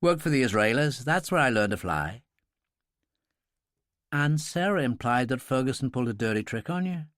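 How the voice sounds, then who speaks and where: A seasoned middle-aged pilot, as a male narrator plays him, cool and wry with a lively, rising and falling delivery. The sound is dry and close. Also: mid-range voice, clear, resonant tone, no room sound, close to an everyday voice.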